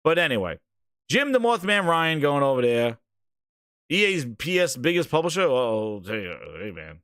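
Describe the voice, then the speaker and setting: A man hosting a casual livestream, ranting about games in a profane, excitable way with frequent laughter. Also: fairly high pitch, moderate pace, clear, resonant tone, no room sound, studio quality. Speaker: gaming news streamer.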